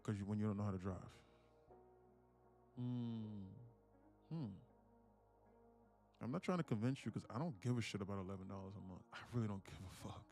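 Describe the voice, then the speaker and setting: A man's voice: on the low side, darkish tone. A man hosting a live day trading stream who tells stories and swears freely. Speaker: day trading livestream host. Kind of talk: casual livestream talk.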